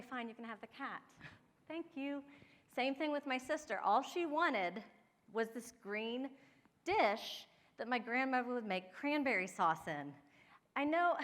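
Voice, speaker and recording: A woman's voice: on the high side, fairly bright tone, long reverb tail. A woman in her forties from Ohio, giving a chatty workshop talk with personal stories, laughing often and speaking straight to her audience. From Ohio, USA. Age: 40s. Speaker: downsizing and home organizing expert.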